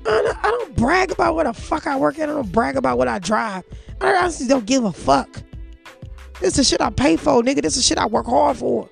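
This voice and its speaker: A woman's voice: high-pitched, expressive, fast, gravelly, husky, faint music behind. A woman from St. Louis hosting a podcast, talking bluntly and profanely, pacing around while she speaks into a mic on her phone. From St. Louis, USA. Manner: blunt, profane, fired-up storytelling. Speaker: podcast host. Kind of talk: candid podcast monologue. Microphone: mic plugged into phone, walking around.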